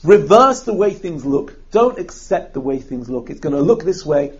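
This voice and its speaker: A high-pitched man leads a text study lesson, his voice husky and a little breathy. He reads verses aloud and acts out the characters' words with lively energy. The recording sounds dull and lo-fi. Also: normal speed. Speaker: Torah teacher.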